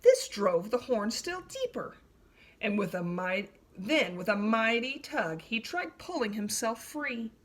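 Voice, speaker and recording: A woman reading a children's story aloud in an expressive, animated way. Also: fairly high pitch, unhurried.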